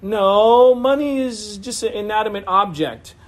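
A high-voiced pastor preaches a sermon over a video call at a measured pace, moving between steady teaching and chatty asides. He laughs easily and talks as if he's among friends.

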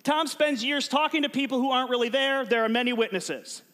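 A high-voiced man with a bright, eager delivery gives a sermon to a live crowd, cracking jokes and pulling the room into games. He sounds like a youth pastor keeping everyone involved. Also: a little fast. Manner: animated and joking, prompts the crowd to shout answers. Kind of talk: energetic sermon to a live audience.

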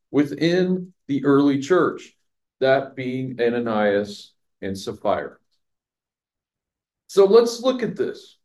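Man, pastor, Bible teaching, conversational, mellow tone. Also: fairly high pitch. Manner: conversational, asks the audience questions, laughs at own jokes. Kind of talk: verse-by-verse teaching.

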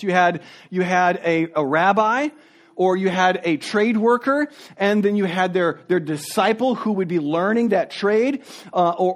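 Male pastor, high voice, sermon delivery, reads a passage then unpacks it casually. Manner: reads scripture then explains it conversationally, with repeated restarts; acts out questioners' voices in the retelling.

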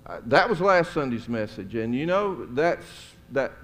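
Folksy pastor in a reverberant hall. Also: male voice, mid-range voice, sing-song, measured pace. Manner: conversational, folksy, chuckling asides. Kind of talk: storytelling sermon. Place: church sanctuary. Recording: long church hall reverb.

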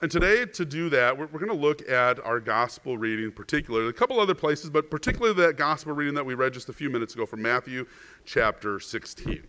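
Quick-paced and animated, this mid-range male voice sounds pushed and bright as a pastor preaches in a chatty, conversational way. He keeps asking the congregation "right?" and repeats words for emphasis.

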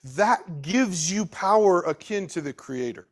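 A man preaching a sermon, swinging between loud emphatic bursts and quiet, slowed asides, and putting questions straight to his listeners. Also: sits high, expressive. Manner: talks directly to the listeners with questions.

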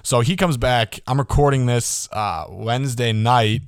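A man in his early twenties hosting a casual solo podcast, excitable and rambling, swearing freely and often tagging his points with a quick question. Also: mid-range voice, clean tone, dry recording, studio quality. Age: early 20s. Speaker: podcast host.

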